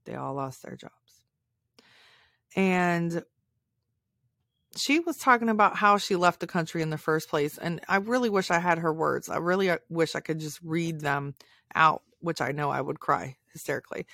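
A woman's voice: low voice, moderate pace, fairly bright tone, dry recording. Heartfelt woman, dry close sound. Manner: emotional, heartfelt, tearful at times. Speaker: podcast host. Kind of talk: personal storytelling monologue.

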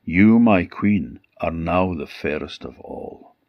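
A man voicing a magic mirror that gives solemn, measured answers in rhyme. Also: low-pitched, heavily acted. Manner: measured, rhyming pronouncements. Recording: dull lo-fi recording.

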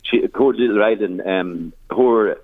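A man's voice: fairly low pitch, measured pace, no room sound. An Irish man, a charity founder, telling stories in a radio interview with many restarts and some emotion. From Ireland. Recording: tinny phone line.

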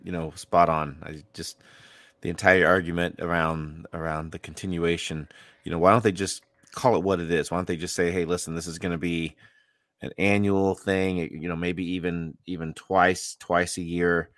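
A man co-hosting a podcast, talking in halting bursts with repeated words and fillers. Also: deep voice, little pitch movement, a bit bright, no echo. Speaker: podcast co-host. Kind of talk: casual podcast chat.

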